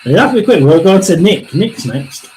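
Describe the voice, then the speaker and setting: A man with a high, bright-toned voice that swoops up and down as he muses through a live psychic reading. He talks to the spirits and to his viewers in a casual, excitable way. A faint hiss of background noise sits under the voice. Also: normal speed, rough recording. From England. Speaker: psychic medium livestream host.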